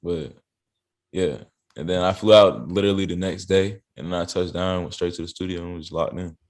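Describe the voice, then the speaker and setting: Young male rapper, very low voice, laid-back slangy storyteller, from South Carolina. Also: fairly quick. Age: young adult. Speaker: rapper, interview guest. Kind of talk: casual interview chat. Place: interview studio.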